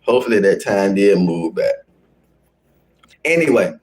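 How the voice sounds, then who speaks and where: A man's voice: low voice, expressive, a little slow, a little mellow. A man hosting a live stream, speaking, confrontationally scolding his chat and repeating his phrases. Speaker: livestream host. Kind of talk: casual live-stream rant.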